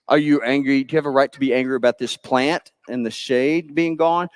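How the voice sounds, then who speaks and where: A man pastor, telling a Bible story to children in church with lively, playful asides. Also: medium pitch, normal speed, hardly any pauses, smooth, dry recording, clean studio sound. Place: church sanctuary.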